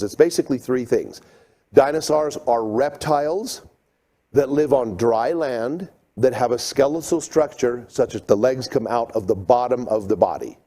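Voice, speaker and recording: A middle-aged man giving a seminar talk, telling stories with lively acted-out moments. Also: medium pitch. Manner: animated storyteller, acts out scenes. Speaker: creation seminar speaker.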